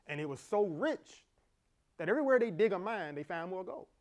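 Animated man preaching a lively sermon. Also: sits high, brisk. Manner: animated preaching with laughter and quoted dialogue. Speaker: pastor.

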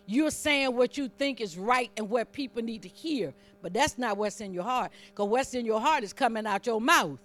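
A woman's voice: fairly high pitch, moderate pace, hardly any pauses, fairly bright tone. A woman preaching a sermon in a conversational, fervent way, teasing the congregation and building up emphasis as she reads scripture.

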